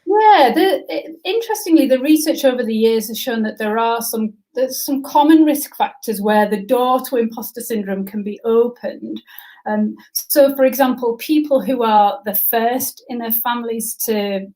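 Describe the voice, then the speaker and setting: A woman's voice: fairly high pitch, normal speed, mellow, poor audio. A middle-aged woman, a coach and career consultant speaking as a guest in an interview, thoughtful and often restarting her sentences. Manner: thoughtful, many restarts and fillers. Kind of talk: conversational expert interview.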